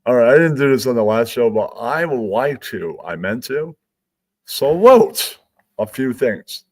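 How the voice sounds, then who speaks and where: A man's voice: medium pitch, lively intonation, measured pace. A man hosting a stream, rambling through a crude, self-amused comedic monologue. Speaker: stream host.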